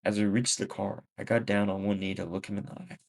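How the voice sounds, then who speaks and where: A man reads a first-person story aloud in a plain, steady way, stumbling now and then. His voice sits low and has a gravelly edge. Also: fast talker, rough recording. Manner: plain first-person reading with small slips. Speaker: story narrator.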